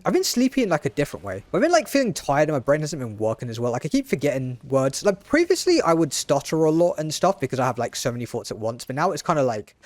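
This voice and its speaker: A man's voice: a little high, no room sound. A man, rambling casually on stream, often cutting himself off and restarting. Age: late 20s. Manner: rambling, quick, self-interrupting with restarts.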